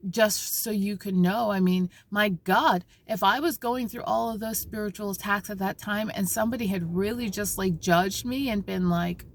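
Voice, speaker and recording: Gravelly-voiced woman vlogging from her car. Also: mid-range voice, moderate pace, few pauses. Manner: animated storytelling, many restarts and asides. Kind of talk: casual spiritual vlog talk. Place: parked car.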